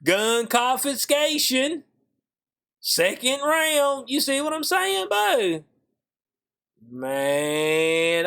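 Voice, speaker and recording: A man giving casual vlog commentary, animated and slangy, swinging from high incredulous exclamations to low muttered asides. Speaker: YouTube commentator.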